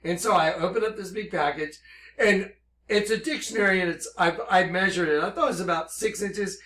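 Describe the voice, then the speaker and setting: A man giving an impassioned religious monologue, intense and excitable, reading scripture slowly and emphatically, then telling his story at a rush. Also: high voice, roomy sound. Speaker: religious speaker.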